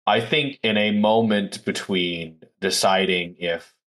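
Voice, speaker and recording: Low-voiced man playing a tabletop game. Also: fairly even intonation, takes it slowly, fairly bright tone. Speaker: player. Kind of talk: tabletop role-play.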